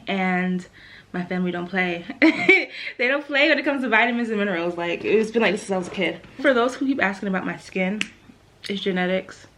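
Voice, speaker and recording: A woman's voice: mid-range voice, expressive, fairly quick, fairly bright tone, a little hiss or hum. A young woman vlogging in a casual chat to camera, a little out of breath, with lots of fillers and asides. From Jamaican family.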